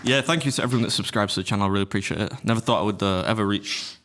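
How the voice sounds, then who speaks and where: Brash, fast-talking man on a podcast. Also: lowish voice, a bit bright, soft background music. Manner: brash, swearing, mimics others. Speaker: podcast co-host. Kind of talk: casual banter.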